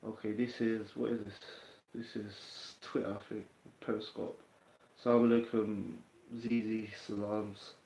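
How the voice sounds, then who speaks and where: In a low-leaning, warm voice, an English livestream host with a London accent speaks a little slowly and flatly. He chats casually and streetwise, responding to what viewers comment, and the sound is roomy, dull and lo-fi.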